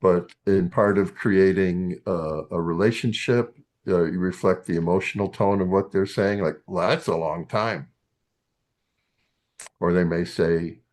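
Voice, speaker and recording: An older man lecturing a class as a psychologist, halting and full of fillers and restarts. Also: sits low, a little mellow.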